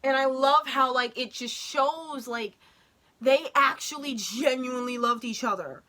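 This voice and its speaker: A woman gushing excitedly in casual commentary as she reacts to a show, swearing and breaking off mid-sentence. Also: high-pitched, measured pace.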